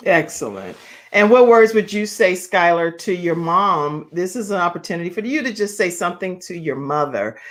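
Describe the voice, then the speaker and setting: A woman's voice: on the low side, lively intonation, moderate pace. A woman hosting an online talk show, chatty and encouraging, often breaking into laughter.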